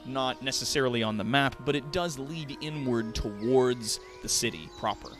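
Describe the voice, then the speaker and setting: A man's voice: mid-range voice, a little fast, hardly any pauses, a bit bright, soft background music. A man narrating as game master in a casual, swearing, laughing way, with many fillers. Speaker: dungeon master.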